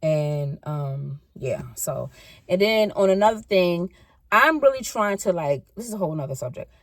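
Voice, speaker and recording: A woman's voice: lowish voice, animated, moderate pace, no room sound. A woman in her fifties chatting casually in a rambling, self-correcting way for a car-ride vlog. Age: 50s. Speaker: vlogger.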